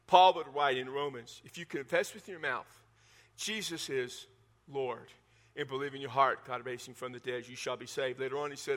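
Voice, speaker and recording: A man preaching a sermon, animated and emphatic, driving points home with repetition. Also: mid-range voice, normal speed. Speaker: pastor.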